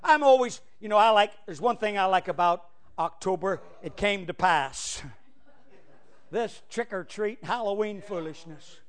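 A male pastor preaching a fiery sermon, swinging from loud cries to hushed asides. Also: sits high, expressive, unhurried.

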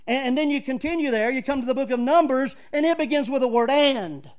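A pastor preaching a sermon to his congregation, moving from chatty asides with chuckles to emphatic, near-shouted readings of scripture. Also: extremely high pitch, brisk. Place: church.

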